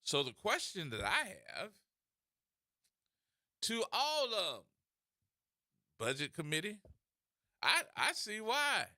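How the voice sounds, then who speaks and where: A man hosting a talk radio show, ranting in a mocking, animated way and slipping into imitation voices. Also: high voice, takes it slowly, long pauses, dry recording, studio quality. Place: radio studio.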